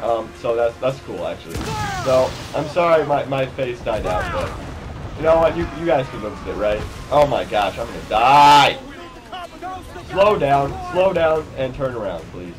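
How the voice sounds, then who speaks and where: A man giving casual let's play commentary, excitable and frustrated, with outbursts and shouts at the game. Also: mid-range voice, moderate pace. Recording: game music loud behind voice. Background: game music.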